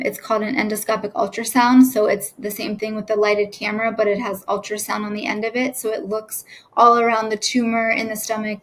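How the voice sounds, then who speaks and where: A woman in her thirties, a nurse and cancer patient, recounts her diagnosis in a halting, earnest way with many fillers and restarts, emotional at times. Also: medium pitch, rough recording. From United States. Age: 30s. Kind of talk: personal story told to camera.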